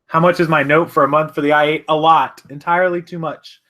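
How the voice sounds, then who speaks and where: A man's voice: a little high, little pitch movement, fairly quick, bright, forceful tone. A man hosting a casual live stream from his home office, chatting loosely, correcting himself and answering viewers' comments. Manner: rambling, chatty, self-correcting.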